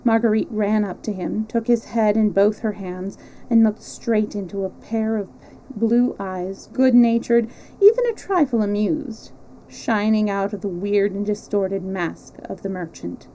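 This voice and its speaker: A woman reading a classic novel aloud, expressive and measured, with small slips. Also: mid-range voice, slight background noise, rough recording. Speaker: storyteller.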